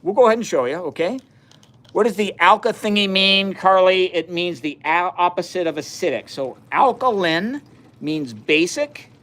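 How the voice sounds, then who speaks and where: This livestream science host from the United States keeps things casual, talking to his audience as he does chemistry experiments and laughing a lot. He speaks at normal speed in a high, fairly bright voice with lively intonation.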